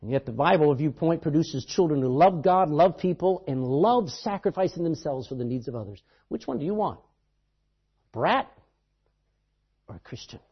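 An emphatic male preacher whose voice leaps and drops constantly as he drives his points home. He tells stories and lurches from loud outbursts to hushed asides. The sound is husky and comes through a dull, muffled recording. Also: on the high side, animated, moderate pace. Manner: emphatic, storytelling, swings between loud and hushed. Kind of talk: sermon.

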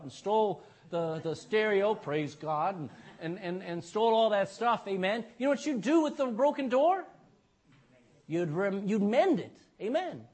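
Preaching in a high but darkish, slightly rough voice, a male pastor delivers an emphatic sermon. He peppers his lines with "amen" and "you know" and keeps asking the congregation questions.

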